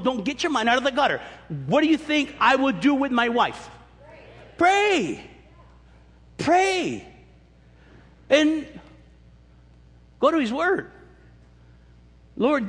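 A man preaching a sermon as pastor, animated, acting out quoted voices with joking asides. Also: very high voice, slightly rough. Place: church sanctuary. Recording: long echo of a large hall.

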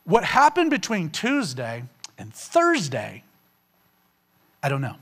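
Man, fairly high voice, casual storyteller, animated testimony. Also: slow. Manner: casual and conversational, with frequent fillers like "you know" and "man"; animated, rising sharply in pitch on emotional punchlines. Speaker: speaker giving a personal testimony.

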